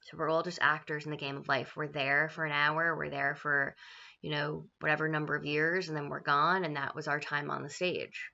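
A woman's voice: deep voice, flat delivery, normal speed, vocal fry, sharp tone, lo-fi sound. A woman teacher explaining a play to her class in a casual, chatty way, paraphrasing often and checking in with "right?".

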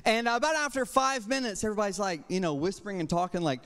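A man's voice: sits high, fast, hardly any pauses, a bit bright, clean tone. Passionate young man preaching a sermon. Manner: passionate, storytelling with asides. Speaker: youth pastor. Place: church sanctuary. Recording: long hall reverb, church sanctuary.

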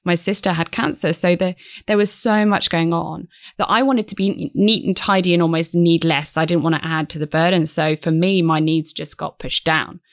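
A woman's voice: on the low side, fairly even intonation, normal speed, hardly any pauses, dry recording, studio quality. A woman guest psychotherapist talking in a podcast interview, earnest and reflective, restarting her sentences often.

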